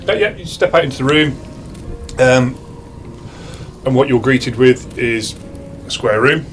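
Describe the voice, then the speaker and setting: A British man narrating as dungeon master in a casual, halting way, with frequent restarts and fillers. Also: mid-range voice, soft background music. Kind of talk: narrating a tabletop game.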